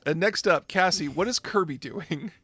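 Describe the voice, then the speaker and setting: A man narrating a tabletop game as game master, in a lively storytelling way. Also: on the high side, normal speed, husky, no echo.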